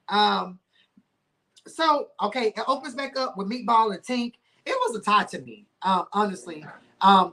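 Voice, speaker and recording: A man with a bright, forceful voice hosts his own podcast, recapping a reality show in loose slangy talk. He swings his pitch high and low and drops in sound effects as he goes. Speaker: podcast host.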